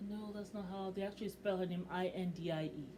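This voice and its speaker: A middle-aged woman co-hosting a casual reaction chat, opinionated and animated, acting out what people said in her own voice. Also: medium pitch, fast talker, noisy background. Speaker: reaction show co-host, mother.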